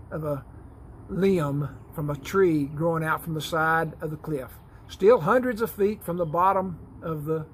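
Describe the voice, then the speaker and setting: A man's voice: on the high side, a little hiss or hum, rough recording. A man teaching a prepared church Bible lesson, reading from notes with folksy, dry asides.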